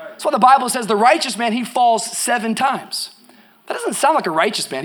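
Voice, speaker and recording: A man with a high voice preaching a sermon at a church service. He tells stories quietly and then rises to ringing, shouted declarations, with big swings in loudness across his delivery. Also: fairly quick, slightly rough. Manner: animated preaching, swinging between shouts and soft storytelling. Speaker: pastor.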